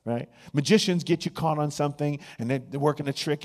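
A man preaching a sermon, swinging between hushed, drawn-out phrases and loud, excited bursts. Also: a little high. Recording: long hall reverb.

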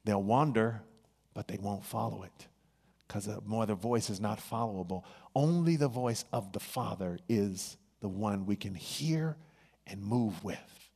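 A man preaching a sermon, swinging between hushed, drawn-out phrases and loud, excited bursts. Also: lowish voice, husky. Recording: long hall reverb.

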